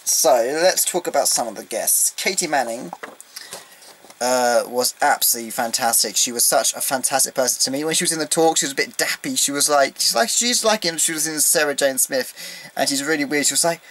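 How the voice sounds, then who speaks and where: Excitable guy rambling about fandom. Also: mid-range voice, a little fast, slight background noise, poor audio. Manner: excitable, rambling, lots of ums. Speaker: vlogger. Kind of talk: casual fan vlog recap. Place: indoors at home, beside his collection.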